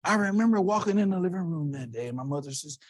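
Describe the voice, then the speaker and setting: Animated husky man telling stories on stage. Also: high-pitched, quick pace. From Texas, USA. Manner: storytelling, animated and emphatic. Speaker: keynote speaker. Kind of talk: motivational keynote speech. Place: conference hall stage.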